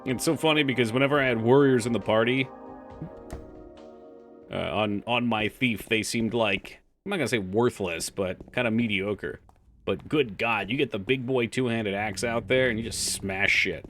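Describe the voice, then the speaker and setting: A man's voice: medium pitch, moderate pace, soft background music. A man streaming a game live, chatting casually with his chat, swearing freely and now and then reading game text aloud. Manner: reads game files aloud in a flat voice.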